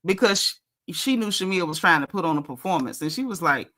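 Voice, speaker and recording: Woman, casual reality TV recap, blunt, slangy, sassy, crisp bright tone. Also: fairly low pitch, lively intonation, fairly quick. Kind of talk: casual opinionated commentary.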